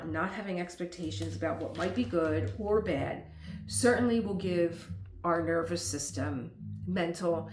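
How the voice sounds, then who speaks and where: Chatty middle-aged woman, low voice, echoey room. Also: vocal fry, background noise. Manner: chatty, rambling with frequent laughs and tangents. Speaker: lifestyle vlogger. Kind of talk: casual chat.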